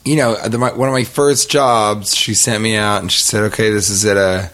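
With a lowish voice and moderate pace, a middle-aged podcast host tells a meandering comic tale. He stays animated throughout, performing the quoted lines as he goes.

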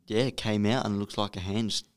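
A man in casual podcast chat, telling a story haltingly and repeating his words. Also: lowish voice, fairly even intonation, clean tone. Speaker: podcast co-host.

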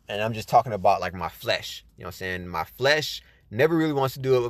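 This podcast host talks casually about studying the Bible, sharing reading tips within a faith discussion and often dropping "you know what I'm saying." He speaks on the low side, and the recording has no echo.

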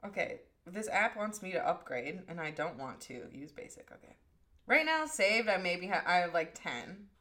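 A woman's voice: lowish voice, sing-song, moderate pace, pushed and bright. A woman chatting casually and giggling on a podcast, with many fillers. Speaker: podcast guest. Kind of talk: casual chat.

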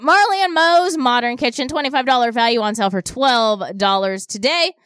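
A woman hosting a radio shopping show, pitching deals in a chatty way and repeating prices and names. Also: normal speed, few pauses, a bit bright, clean tone, no room sound, studio quality. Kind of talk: upbeat radio deal pitch. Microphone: studio microphone.

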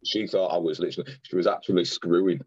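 A man's voice: low-pitched, steady tone, fast talker, darkish tone, slightly rough, no echo, muffled recording. A young man, a podcast guest earnestly retelling a personal story in detail, with many restarts and quoted dialogue. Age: young adult.

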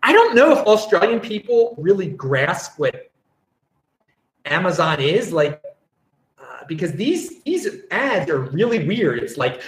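A man hosts a loose livestream, rambling and chuckling as he reacts to viewer comments. His voice sits a bit high and swings widely in pitch, and he restarts sentences often. The room around him is echoey. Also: big pitch swings, unhurried. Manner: rambling, chuckling, self-interrupting. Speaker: livestream host. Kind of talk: casual livestream chat, reading viewer comments.

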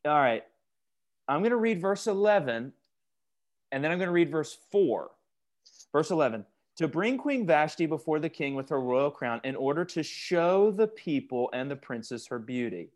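A man's voice: on the high side, big pitch swings, moderate pace. A man leading a youth Bible study over a video call, questioning the group and joking as he teaches.

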